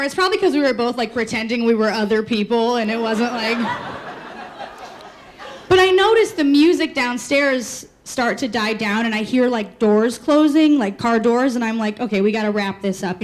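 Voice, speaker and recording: A woman telling a funny personal story on stage, animated and laughing as she talks. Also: on the high side, normal speed. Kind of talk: live comedic storytelling. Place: stage before a live audience. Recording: live room with crowd laughter and noise.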